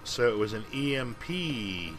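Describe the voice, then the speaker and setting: A man's voice: mid-range voice, sing-song, a little slow, over music. A man casually commenting on a game he plays, joking and offhand, with game audio behind. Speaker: let's play commentator.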